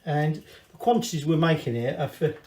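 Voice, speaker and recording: Scottish male cooking host, slightly high voice, rambling and sweary, roomy echoey kitchen sound. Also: fairly quick, a little mellow, a little hiss or hum. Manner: chatty, rambling, sweary asides. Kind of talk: casual cooking demonstration. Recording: echoey room.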